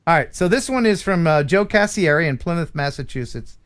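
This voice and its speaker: A man's voice: on the high side, lively intonation, a little fast, hardly any pauses, fairly bright tone, clean tone. A man, around his forties, hosting a casual live stream chat in a goofy, playful way and laughing often. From USA.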